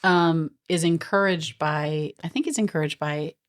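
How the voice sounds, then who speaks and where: Lowish-voiced chatty woman co-host. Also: measured pace. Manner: chatty, laughs often while retelling scenes. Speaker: podcast co-host. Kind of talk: casual movie review chat.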